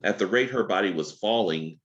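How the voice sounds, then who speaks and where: A man's voice: lowish voice, fairly quick, highs cut off. A man co-hosting a podcast, casually explaining a movie scene step by step in a laid-back way. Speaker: podcast co-host. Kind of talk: casual chat.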